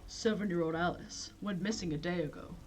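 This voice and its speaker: A woman's voice: lowish voice, a little fast, faint music behind, lightly acted. A woman voicing a jumpy, wry male police officer from a click-through detective game, in a plain read-aloud voice.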